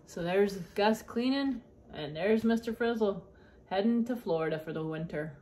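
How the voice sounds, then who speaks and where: A woman's voice: mid-range voice, animated, normal speed, mellow. A woman reading a children's picture book aloud, adding chatty asides about the pictures for young listeners. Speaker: storybook reader.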